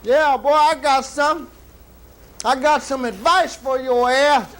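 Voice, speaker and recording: A gruff old wino, played by a man in a stand-up routine, rattling off scolding advice in a quick, lower voice. He lectures with a know-it-all bluster. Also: a bit bright, exaggerated voice. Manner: lecturing, rapid-fire, scolding. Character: gruff older male wino lecturing a junkie. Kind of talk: stand-up character bit.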